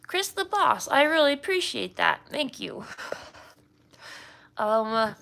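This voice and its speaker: A woman's voice: fairly high pitch, big pitch swings, takes it slowly, gravelly, fairly bright tone. A woman livestreaming from home with a slight slur, chatting to viewers in a rambling, self-deprecating way and laughing often. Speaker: livestreamer and artist. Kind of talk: casual livestream chat. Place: at home, indoors.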